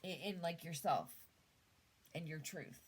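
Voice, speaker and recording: A Canadian woman talks through a tarot spread in an easygoing monologue. Her voice sits low and she takes her time. She muses aloud, trailing off and starting sentences over. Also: unhurried, slight background noise, poor audio. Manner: musing, trails off and restarts. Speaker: tarot reader. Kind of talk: casual tarot reading monologue.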